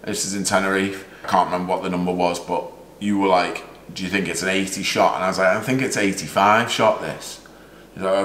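Chatting about golf in a relaxed way, this vlog host and caddie laughs a lot and performs other people's remarks. He speaks low and fairly bright, over a little hiss or hum, with a roomy echo and faint background sound.

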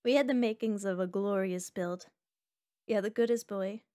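A young woman streaming a game, chatting casually with her chat and reacting loudly to each round. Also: medium pitch, moderate pace, dry recording, studio quality. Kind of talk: casual gameplay commentary. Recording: faint background music.

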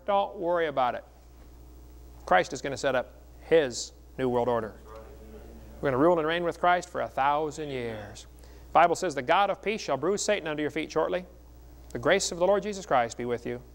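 A man's voice: fairly high pitch, a little fast. A middle-aged man preaching at a seminar, telling stories in a folksy, joking way. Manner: folksy, joking, animated storytelling. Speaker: evangelist speaker.

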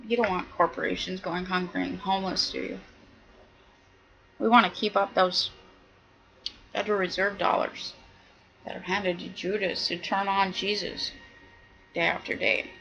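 A woman's voice: fairly low pitch, fairly even intonation, moderate pace, vocal fry, long pauses, bright, forceful tone, breathy edge, poor audio. A woman giving an indignant, preachy monologue, hammering her points with repetition. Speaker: video commentator. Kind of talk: impassioned monologue.

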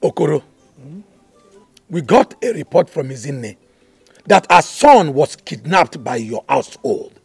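An actor with a Nigerian accent playing a stern village elder who questions a kinsman loudly. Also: on the high side, very animated, unhurried, vocal fry, pauses often, breathy edge, no echo, faint music behind, full character voice. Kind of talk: Nollywood village drama acting.

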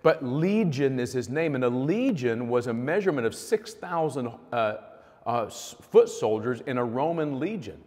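A man's voice: mid-range voice, very animated, moderate pace, darkish tone. A male pastor preaching a sermon in a conversational, storytelling way. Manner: conversational, vivid storytelling with fillers. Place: church hall. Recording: long hall reverb.

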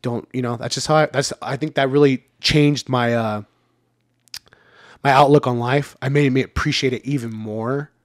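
On a casual podcast, a man in his thirties who's a regular talks candidly and laid-back, with plenty of fillers and the occasional curse word. His mid-range voice holds a steady tone at a moderate pace, recorded studio-quality with no echo.

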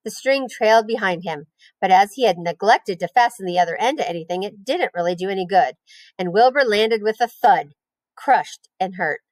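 A woman, a teacher, reading a children's novel aloud in a clear, expressive storytelling voice. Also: medium pitch, moderate pace.

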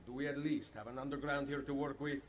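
An actor playing Ezio, a shrewd male assassin, speaking in a measured, wry way. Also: mid-range voice, fairly even intonation, a little hiss or hum, close to an everyday voice. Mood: probing. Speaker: game character.

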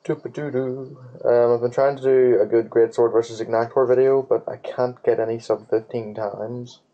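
A man's voice: medium pitch, flat delivery, moderate pace, dull audio. A man giving casual gaming commentary while he plays, rambling, swearing freely and humming nonsense tunes. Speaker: let's play gamer.

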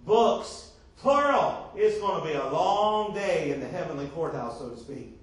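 A man's voice: fairly high pitch, expressive, normal speed. A man preaching a sermon as pastor, drawing call-and-response with repeated questions to the congregation. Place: church sanctuary. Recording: echoey church room from far off.

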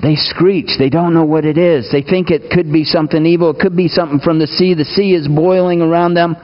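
A man preaching a sermon, asking his listeners questions and moving between raised, urgent lines and hushed asides. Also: fairly high pitch, steady tone, fairly quick, dull audio. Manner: asks the congregation questions, swings between raised and hushed delivery. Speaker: pastor.

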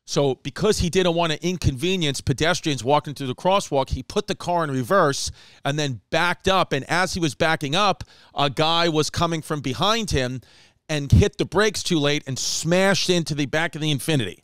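Animated storytelling comedian, crisp dry sound. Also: male voice, a little high, normal speed, dry recording. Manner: animated, profane, slips into mock voices and Spanish phrases. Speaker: podcast host.

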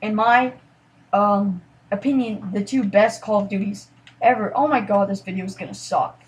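A woman giving casual commentary over her gameplay, rambling and apologetic, sometimes trailing into quiet mutters and then bursting out excitedly. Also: on the high side, moderate pace. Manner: excitable outbursts. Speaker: gaming commentator.

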